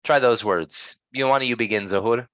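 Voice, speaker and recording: A man's voice: medium pitch, moderate pace, fairly bright tone, dry recording, highs cut off. A man teaching English pronunciation in a class, speaking patiently and checking in with his students often. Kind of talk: online pronunciation lesson.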